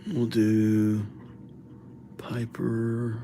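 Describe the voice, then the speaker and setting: A man's voice: on the low side, completely flat delivery, dark tone, slight background noise. A man hosting a live stream, chatting casually and reading viewers' names aloud, his voice drifting from the mic as he writes. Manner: slow, mumbled, drifting in and out of the mic while writing; easygoing, jokey, reads viewer names aloud. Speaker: livestream calligraphy host.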